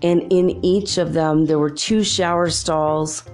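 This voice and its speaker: A woman's voice: sits low, fairly even intonation, slow pace, a little mellow, soft background music. A woman hosting a show, telling chatty, rambling stories in a casual monologue and laughing often. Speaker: show host.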